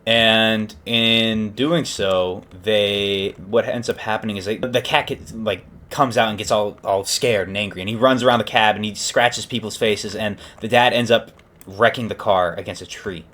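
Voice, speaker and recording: A man's voice: fairly low pitch, fairly even intonation, moderate pace, a bit bright. Rambling young man retelling a story. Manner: rambling, self-correcting, lots of fillers. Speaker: podcast host.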